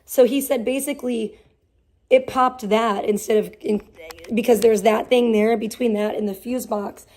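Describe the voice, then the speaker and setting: A woman's voice: on the high side, normal speed. A young woman livestreaming from her garage, rambling and swearing heavily in casual chat. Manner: heavy swearing, rambling and animated. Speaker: livestream host. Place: garage at home.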